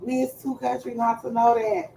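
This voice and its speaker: A woman's voice: on the high side, fairly even intonation, normal speed, gravelly, slight background noise, poor audio. Playful, cussing woman streamer. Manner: loud, playful, swears freely, trails off searching for words. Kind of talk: casual chat on a live stream.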